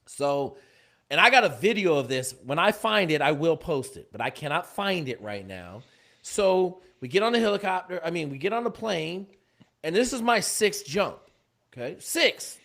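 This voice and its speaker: A man, a former Navy SEAL, telling a war story as a guest in a casual chat, cursing and lively. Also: a little high, normal speed, vocal fry. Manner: swearing, animated storyteller.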